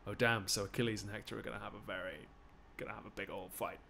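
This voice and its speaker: A man's voice: lowish voice, steady tone, fast talker, gravelly, bright, forceful tone, slight background noise. A man live-streaming a Shakespeare reading for charity, breaking off for chatty, joking asides to his viewers.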